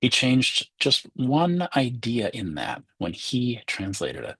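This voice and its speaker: A man's voice: mid-range voice, wildly swooping pitch, slow pace, a bit bright, husky, dry recording. A man, a Zen teacher, giving a conversational dharma talk and acting out inner voices.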